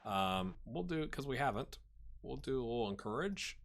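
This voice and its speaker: A man giving a let's-play commentary on a football management game, getting excited and chatting to his virtual players. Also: medium pitch, moderate pace, gravelly.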